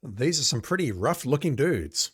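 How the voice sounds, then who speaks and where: A man's voice: medium pitch, big pitch swings, moderate pace, husky, no echo, clean studio sound. A man casually playing an old adventure game, reading its text aloud and making wry, sarcastic asides. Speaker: let's play gamer.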